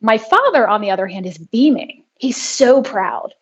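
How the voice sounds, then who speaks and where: Woman guest on a podcast, earnest and steady, bit high pitched, kinda muffled audio. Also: normal speed, husky. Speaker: guest, trauma healing practitioner. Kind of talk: interview conversation, explaining and telling a personal story. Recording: dull lo-fi sound.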